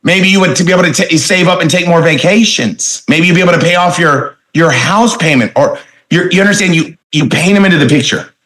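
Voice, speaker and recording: A man's voice: a little high, fairly quick, hardly any pauses, fairly bright tone, low-quality recording. A man in his forties giving a motivational sales training talk, emphatic and full of rhetorical questions, stretching key words for inflection. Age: 40s. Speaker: network marketing speaker trainer.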